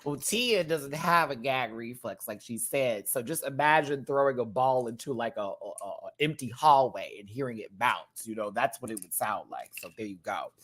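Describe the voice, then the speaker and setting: A man's voice: medium pitch, expressive, moderate pace, few pauses, fairly bright tone. A man hosting a live stream, giving casual, sassy, campy commentary on a reality competition show and talking straight to his viewers.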